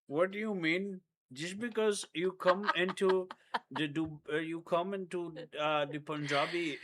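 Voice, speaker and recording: A man's voice: on the high side, a bit bright, slight background noise. A man doing an exaggerated put-on Indian accent in a boastful, mocking tone.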